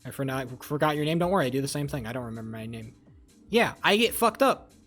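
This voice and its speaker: A man's voice: mid-range voice, expressive, fast, fairly bright tone, soft background music. A young man chatting casually with his live-stream viewers, rambling, swearing and joking as he reads chat. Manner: rambling, profane, jokey, talks to chat.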